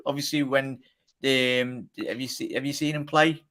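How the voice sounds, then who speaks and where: A man's voice: mid-range voice, normal speed, fairly bright tone. Chatty young male livestream host. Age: 20s. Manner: chatty, laughing, greets chat by name. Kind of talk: casual livestream chat.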